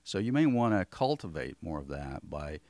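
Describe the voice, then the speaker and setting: A man's voice: low voice, normal speed, no echo. A man teaching a voice workshop, talking his listeners through exercises and showing different placements of his voice as he goes. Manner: relaxed, demonstrates voice placement while teaching. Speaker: voice coach. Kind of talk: workshop lesson.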